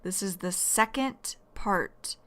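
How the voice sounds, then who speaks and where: A woman from the United States teaching English vocabulary, speaking deliberately and repeating key words for learners. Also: mid-range voice, fairly bright tone. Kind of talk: slow explanatory vocabulary lesson.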